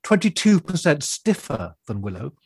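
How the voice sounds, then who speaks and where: A man running through news stories on the radio in a wry, quibbling chat. His voice sits fairly high and a little husky, with a lively, bouncing delivery. The studio sound is dry and close. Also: normal speed, dry recording.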